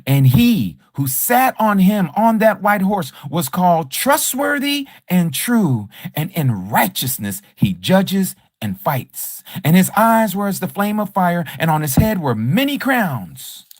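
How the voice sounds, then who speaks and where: Slow and sing-song with few pauses, a man's voice swings widely in pitch as he leads a livestreamed scripture study. The Bible study teacher drives his points home with repeated rhetorical questions, emphatic and combative toward a rival teacher. The sound is dry and close, with no room around it.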